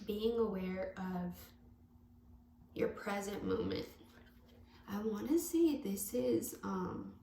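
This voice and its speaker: A woman's voice: medium pitch, creaky, darkish tone. A woman giving a casual tarot reading to camera, rambling and correcting herself as she goes, speaking with open affection. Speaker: tarot reader. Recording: echoey room with faint background noise.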